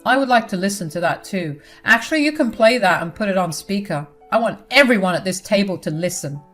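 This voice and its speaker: A woman's voice: medium pitch, lively intonation, fairly quick, faint music behind, lightly acted. A woman voicing an angry, betrayed middle-aged husband who speaks coldly and accusingly in a storybook narration. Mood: cold anger.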